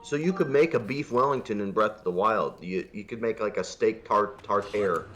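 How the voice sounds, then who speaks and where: A man's voice: lowish voice, moderate pace. A man co-hosting a charity game stream, chatting casually and riffing on silly jokes. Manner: rambling, jokey, restarts. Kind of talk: casual joking stream chat. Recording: loud music behind.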